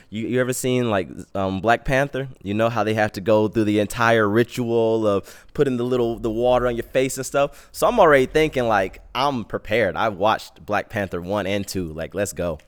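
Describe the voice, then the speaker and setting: A young man hosting a podcast, telling a comic personal story in casual, slangy, animated talk. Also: on the low side, normal speed, hardly any pauses, clean tone. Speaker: podcast host.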